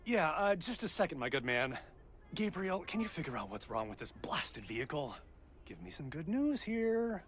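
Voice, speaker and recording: An actor playing an impatient, sarcastic TV reporter who blusters and complains about being stranded. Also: male voice, fairly high pitch, sing-song, normal speed, fairly bright tone, slight background noise. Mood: irritable. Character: abrasive big-city male TV reporter, impatient.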